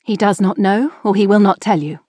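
A woman's voice: medium pitch, fairly quick, dark tone, no room sound, lightly acted. A woman reading an audiobook, voicing a proud, strong-willed middle-aged queen who speaks firmly and defiantly. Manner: firm, defiant, clipped.

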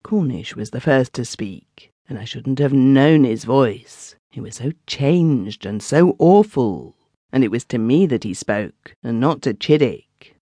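Man, audiobook narration, dramatic storytelling, lively pitch, dry close recording. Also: unhurried, few pauses, dry recording. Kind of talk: scripted first-person narration of a story.

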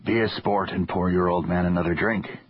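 A man's voice: low voice, fairly even intonation, fairly quick, husky, highs cut off. A man voicing a wry dying old father.

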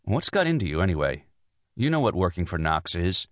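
A man's voice: deep voice, big pitch swings, fairly quick, dry recording, studio quality. A man narrating an audiobook voices a busy young lawyer husband, brusque and a little dismissive. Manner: brusque, dismissive, then soothing. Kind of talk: audiobook dialogue.

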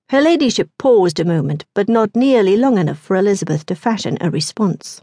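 A woman narrating an audiobook in a measured, expressive storytelling manner. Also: medium pitch, slightly rough, no echo, clean studio sound. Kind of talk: scripted narration.

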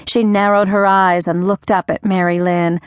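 A woman reading a novel aloud as an audiobook narrator, telling the story gently and giving quoted characters their own voices. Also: medium pitch, little pitch movement, moderate pace, clear, resonant tone, dry recording, studio quality. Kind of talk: scripted narration. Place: studio booth. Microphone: close studio mic.

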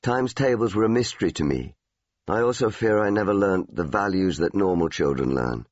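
Low, husky older English memoir reader. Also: male voice, animated, normal speed, a little mellow, dry recording. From England. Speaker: memoir narrator. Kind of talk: audiobook memoir reading. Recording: dull, dry studio recording.

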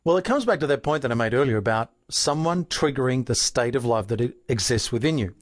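A man's voice: medium pitch, animated, fast, no echo. Earnest Australian man, dry studio sound. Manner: earnest, asks rhetorical questions. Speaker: self-help author and relationship coach. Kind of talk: explanatory self-help talk.

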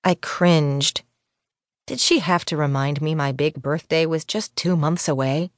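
Low-voiced woman narrating an audiobook. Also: measured pace, no room sound, clean studio sound. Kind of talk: first-person audiobook narration. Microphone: studio microphone.

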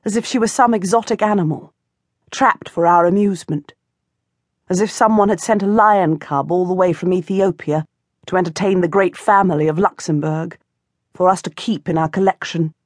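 A woman narrating a historical novel in first person, measured and expressive, close to the mic. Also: fairly low pitch, dry recording. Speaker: audiobook narrator. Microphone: close studio mic.

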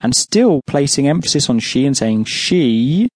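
A man's voice: mid-range voice, lively intonation, a little slow, darkish tone, no echo. Patient English man teaching a language. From England. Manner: patient, explains and then asks the listener to answer. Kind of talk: audiobook language lesson, prompting the listener.

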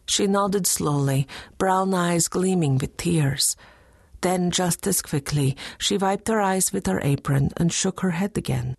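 A woman narrating an audiobook in a measured, gentle manner. Her low voice carries a gravelly fry and a husky edge, recorded dry and close on a studio mic. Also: no room sound. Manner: measured, gentle, soft-spoken. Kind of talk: scripted first-person audiobook narration.

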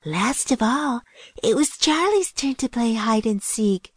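A woman narrating a children's audiobook with lively storytelling and hushed whispers at tense moments. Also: a little high, unhurried, husky, no echo, studio quality.

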